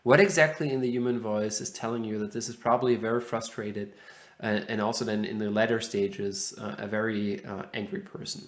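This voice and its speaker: A man's voice: fairly low pitch, steady tone, a little fast. Hesitant man lecturing, roomy echo. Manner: hesitant, many fillers, asking the class. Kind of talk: university lecture.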